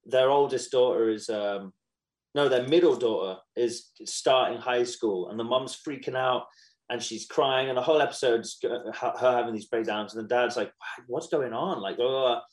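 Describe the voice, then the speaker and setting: A man in his thirties, a podcast guest, chatting casually and telling animated stories with quoted asides. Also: mid-range voice, moderate pace, poor audio. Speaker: podcast guest, musician and actor. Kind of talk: casual chat.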